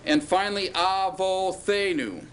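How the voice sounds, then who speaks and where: Guy teaching a class, slightly high voice, keeps asking the room questions, faint hiss behind. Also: measured pace. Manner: patient, asks students questions, stretches out words. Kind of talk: classroom lecture.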